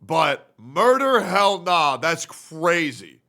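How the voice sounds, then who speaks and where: A man streaming live, reacting loudly and swearing as he talks to his chat and works things out aloud. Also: fairly high pitch, big pitch swings, very slow. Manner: loud, profane, thinks out loud and talks to chat. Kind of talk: casual livestream reaction.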